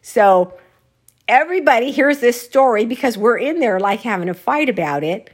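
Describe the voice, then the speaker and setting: A woman's voice: on the high side, expressive, normal speed, husky. A woman telling a casual personal anecdote, often breaking into laughter mid-sentence as she tells it.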